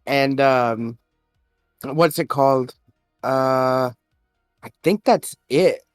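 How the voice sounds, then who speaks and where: A man's voice: mid-range voice, very slow, clear, resonant tone, no room sound, studio quality, soft background music. A young man co-hosting a podcast, chatting casually with lots of laughter and swearing. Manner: laughing, profane, acts out characters' lines. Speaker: podcast co-host. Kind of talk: casual chat recapping an anime.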